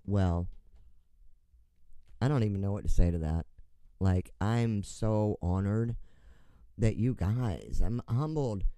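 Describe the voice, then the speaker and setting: A man's voice: fairly low pitch, lively intonation, takes it slowly, long pauses, dark tone, clean tone, no room sound. A man hosting a casual radio show, rambling, swearing freely and laughing at himself while he reads out listener messages. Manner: drinks on air. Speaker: online radio show host.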